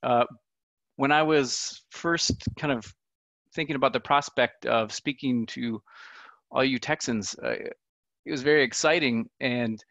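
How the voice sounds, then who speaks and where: A man's voice: mid-range voice, measured pace, fairly bright tone, no room sound. A man giving a casual online talk as a conference speaker, chatty and self-deprecating, with lots of ums and uhs.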